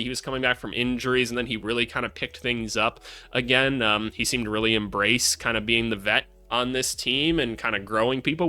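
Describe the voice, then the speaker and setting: Young dude breaking down a basketball roster, blunt and sweary, mid pitch, lectures the comments. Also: male voice, sharp tone. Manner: blunt and profane, lectures viewers, mocks commenters in shrill voices. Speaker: basketball analyst and channel host. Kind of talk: casual commentary to camera.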